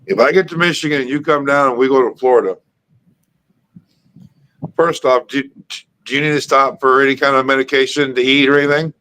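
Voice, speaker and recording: A man of middle pitch hosting a laid-back live stream conversation. He talks easily and stumbles over repeated words as he starts his sentences, with faint noise behind his voice. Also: steady tone, fairly quick, long pauses, a bit bright, low-quality recording. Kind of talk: casual chat.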